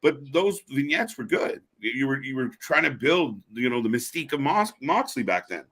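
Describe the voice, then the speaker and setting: A man's voice: medium pitch, sing-song, normal speed, fairly bright tone. A man co-hosting a casual live wrestling commentary stream, blunt and opinionated, swearing now and then. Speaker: co-host.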